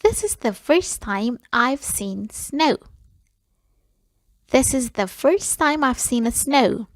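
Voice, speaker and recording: Woman, English lesson, fairly high voice, slow deliberate repetition, dry close sound. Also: lively intonation, no echo. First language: Persian. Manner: repeats English phrases slowly and deliberately after quick explanations. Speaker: English teacher. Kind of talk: language lesson.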